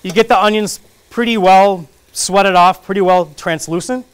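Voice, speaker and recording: His voice sits high and smooth, delivered at a normal speed. A man is teaching a laid-back, jokey cooking class in a community kitchen classroom, talking through each step of the recipe while he cooks, chatty and self-deprecating throughout.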